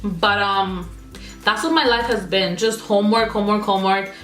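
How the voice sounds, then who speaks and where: A woman's voice: mid-range voice, normal speed, fairly bright tone, echoey room, faint music behind. A young woman vlogger venting in a casual, rambling chat while she does her makeup, full of "like" fillers and exasperated asides. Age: young adult. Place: indoor room at home. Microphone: camera mic.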